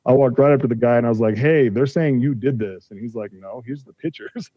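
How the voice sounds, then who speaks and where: Talking fast in a medium-pitched voice, a man in his forties guests on a podcast and casually recounts a dispute, imitating what people said to him. He's a car collector, and the recording is dry and somewhat dull.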